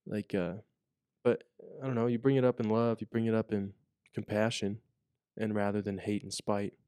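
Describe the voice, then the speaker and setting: Young man, low-ish voice, rambling casual podcast storyteller. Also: flat delivery, moderate pace, dark tone, smooth, no room sound, clean studio sound. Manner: rambling, with many fillers and restarts. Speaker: podcast co-host, corrections officer. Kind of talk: casual chat.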